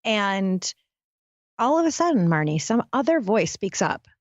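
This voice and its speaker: A woman's medium-pitched voice swings widely in pitch at a measured pace, captured with lo-fi sound and no room sound. As a guest happiness expert, she candidly tells a dramatic personal story in an interview, addressing listeners intensely and directly.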